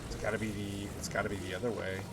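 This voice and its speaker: A man's voice: on the low side, level tone, very fast, very noisy. A man streaming a game and chatting casually with viewers, telling rambling stories with many restarts. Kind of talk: casual live-stream chat while gaming. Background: game music.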